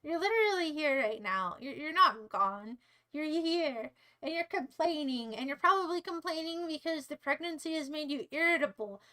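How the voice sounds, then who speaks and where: A woman's voice: high-pitched, expressive, normal speed, bright, forceful tone, rough recording. A young American woman streaming live, chatting with her viewers in a playful, teasing, rambling way. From United States. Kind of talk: casual livestream chat to viewers.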